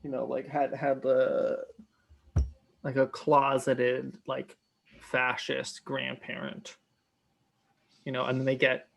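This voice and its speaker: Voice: mid-range voice, monotone, slow, gravelly, long pauses, a bit bright. A podcast co-host chatting casually, hesitant and full of restarts and likes. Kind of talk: casual chat.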